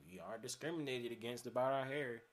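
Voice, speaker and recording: A man in casual podcast conversation, relaxed and loose with his words. He swears freely, laughs often and fills his sentences with "like" and "you know". His voice sits at a middle pitch. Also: brisk. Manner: laid-back, profane, laughs often, many fillers. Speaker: podcast guest.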